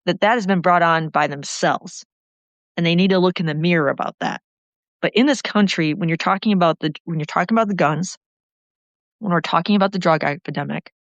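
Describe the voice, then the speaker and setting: A woman with a fairly low voice gives an impassioned, rambling political talk that keeps running on. Her recording has no echo and a dull lo-fi sound.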